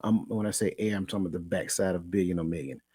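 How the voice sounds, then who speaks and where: A man with a fairly low voice hosts a coaching talk show, animated and a bit preachy. He repeats himself as he works up to a point and laughs easily. The sound is dry and close. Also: fast, breathy edge, no room sound. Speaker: podcast host. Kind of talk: casual chat.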